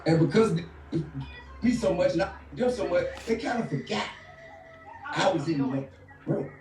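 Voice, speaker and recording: A man's voice: sits high, expressive, moderate pace, music in the background. Man in an echoey distant clip. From Southern United States. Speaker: interview guest. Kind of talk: conversational interview storytelling.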